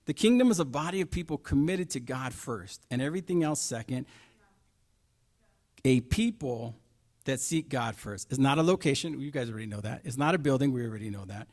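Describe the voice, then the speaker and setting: A middle-aged man preaching a sermon, asking rhetorical questions and moving between quiet asides and loud stressed points. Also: a little high.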